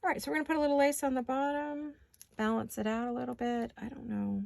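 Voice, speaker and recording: A woman vlogger, raspy from allergies, chatting casually and talking to herself as she makes paper crafts in her home studio. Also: high voice, little pitch movement, quick pace, a little mellow, no echo. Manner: chatty, talks to herself while working.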